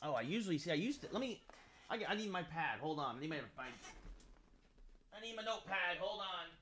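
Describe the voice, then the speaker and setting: A male streamer with a bright, forceful, expressive voice, slightly high for a man, speaks briskly into a desk microphone at home while doing live game-stream commentary. He thinks aloud as he scrolls and breaks off into asides to his viewers.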